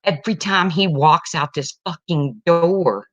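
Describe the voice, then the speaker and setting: Venting online as a parent, this middle-aged woman rants emotionally about her family, sounding blunt, heated, and sometimes tearful. Her voice sits on the low side with a fairly bright tone and a measured pace. The audio is dull, lo-fi, and dry with no echo.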